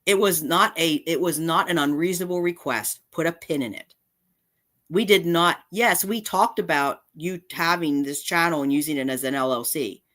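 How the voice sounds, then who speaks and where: A woman's voice: low-pitched, moderate pace, a bit bright. A woman vlogger delivering an angry, confrontational rant straight to camera, indignant and repeating her points. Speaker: cat channel vlogger.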